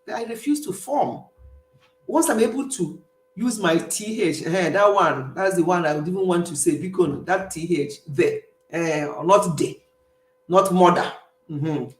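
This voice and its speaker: A woman's voice: lowish voice, measured pace, echoey room. A middle-aged Nigerian woman with an Igbo accent, casually chatting and reading comments for her livestream viewers. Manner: chatty, emphatic, laughs often. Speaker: livestream host. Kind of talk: casual chat with live viewers. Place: home in the UK.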